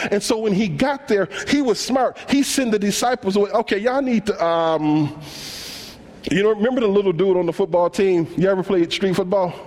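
A man preaching a sermon in African American English, acting out the dialogue in casual slang as he tells stories. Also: sits high. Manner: animated storytelling, acts out dialogue in casual slang. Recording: long hall reverb.

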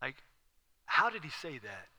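High, bright-voiced preacher man. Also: a little slow, gravelly, big-room sound. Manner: animated, conversational preaching with asides and laughs. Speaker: pastor. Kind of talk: sermon.

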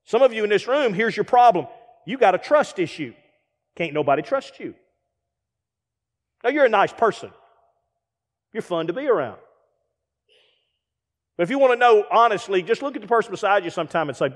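High-voiced preacher in a reverberant hall. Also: male voice, moderate pace, long pauses. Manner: animated preaching with acted-out asides and rhetorical questions. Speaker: guest preacher. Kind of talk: sermon.

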